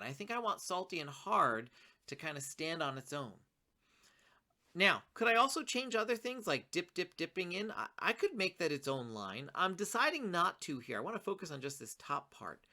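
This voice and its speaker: Lively, bright-voiced woman teacher. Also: fairly low pitch. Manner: reads her poem slowly, pausing on single words; encouraging, addresses students directly. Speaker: writing teacher. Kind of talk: children's writing lesson.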